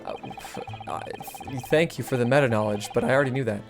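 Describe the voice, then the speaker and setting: A woman's voice: very deep voice, quick pace, faint music behind. A woman voicing a bewildered young male lawyer from a game, hesitant and stammering. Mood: baffled.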